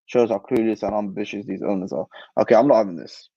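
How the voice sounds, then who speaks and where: A young man riffs on football and answers live chat, animated and full of slang. His voice is dark and mellow, recorded close and dry through a somewhat dull mic. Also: on the low side, fast talker, vocal fry, no room sound. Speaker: football channel host. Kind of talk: casual livestream chat.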